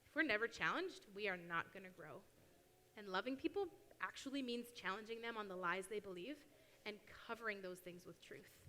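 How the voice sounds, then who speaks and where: A young woman gives a casual, lively church talk and acts out little quotes as she goes. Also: mid-range voice, fairly quick. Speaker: youth speaker at church. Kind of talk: sermon talk. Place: church hall. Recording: long hall reverb.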